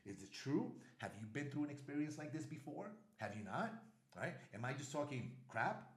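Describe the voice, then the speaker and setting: A middle-aged travel vlogger from New York, USA, speaks bluntly to camera with a New York accent, repeating his warnings for emphasis in casual talk. His medium-pitched voice swings widely in pitch at normal speed. The room is echoey.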